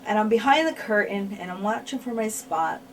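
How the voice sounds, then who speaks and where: A woman's voice: medium pitch, lively intonation, fairly quick. Frank woman recounting, slightly distant mic. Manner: frank, repeats words for emphasis. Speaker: interviewee, former wrestler. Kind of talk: candid shoot interview storytelling. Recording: mic at a distance, faint noise.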